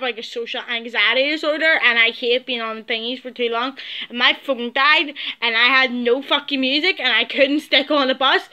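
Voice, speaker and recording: A young vlogger tells her viewers a casual story in a high, bright voice, speaking bluntly and swearing a lot. She often drops into low, muttered asides.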